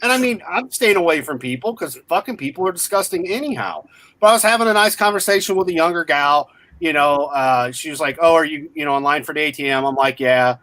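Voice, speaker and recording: A man's voice: on the high side, quick pace, no room sound. A man in his forties telling a story in casual chat, blunt and full of swearing. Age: 40s. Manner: profane, blunt, animated retelling.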